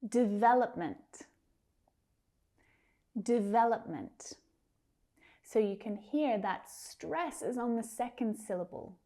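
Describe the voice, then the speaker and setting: A woman teaching English pronunciation, saying words slowly and carefully with drawn-out enunciation, then using them in example sentences. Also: fairly high pitch, animated, warm tone. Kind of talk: pronunciation lesson.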